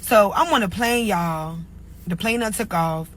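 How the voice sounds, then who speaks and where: In a rough recording, a young single mother casually tells a story at a measured pace, her voice medium-pitched and fairly bright. She keeps sprinkling in "like" and "or whatever" as she chats.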